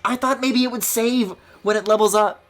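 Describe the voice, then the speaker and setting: A woman streaming a video game, chatting casually and swinging between loud squealing outbursts and low mutters, swearing often. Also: steady tone, moderate pace, soft background music.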